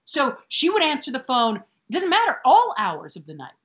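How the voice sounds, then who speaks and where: Lively bright-voiced woman podcast co-host. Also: high-pitched. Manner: animated, quick to act out characters. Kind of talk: casual recap chat.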